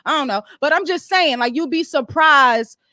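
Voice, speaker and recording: A woman's voice: high voice, moderate pace, sharp tone, dry recording, clean studio sound. A woman hosting a casual livestream chat, rambling and easily sidetracked as she talks. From Philadelphia. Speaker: host.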